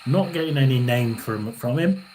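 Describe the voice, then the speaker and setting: Halting man in his sixties, noisy stream. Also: mid-range voice, animated, a little mellow. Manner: halting and rambling, clears throat often. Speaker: psychic medium. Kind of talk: live tarot and spirit reading stream.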